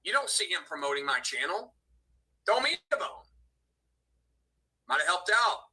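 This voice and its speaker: A man's voice: sits high, sing-song, normal speed, sharp tone, rough recording. A man hosting a livestream, ranting in an aggrieved, profane way in casual talk. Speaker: livestream host. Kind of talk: heated casual livestream rant.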